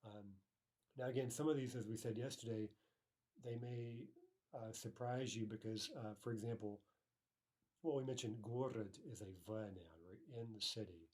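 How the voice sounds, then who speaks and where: A man giving a recorded grammar lesson, patiently saying each phrase slowly twice, with fillers and self-corrections. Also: lowish voice, fairly even intonation, a little mellow. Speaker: language teacher.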